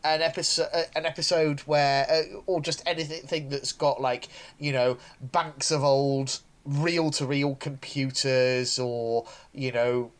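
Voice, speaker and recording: A man's voice: mid-range voice, steady tone, measured pace, few pauses. A man chatting on a podcast, rambling with many restarts as he enthuses. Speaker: podcast co-host. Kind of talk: casual podcast chat.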